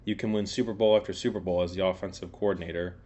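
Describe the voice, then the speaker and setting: A young man with a lowish voice chats loosely about football on a podcast. He rambles, restarts his sentences and swears freely, in a relaxed co-host manner. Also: fast. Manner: rambling, frequent fillers and swearing. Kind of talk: casual sports chat.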